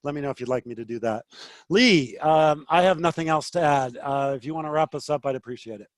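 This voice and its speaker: A man runs an online trading class, firm and impatient with a student. His voice sits fairly high. It is recorded close, with no room sound. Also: brisk, no room sound. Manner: blunt, impatient, rising to frustrated. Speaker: trading instructor. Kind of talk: live online teaching session.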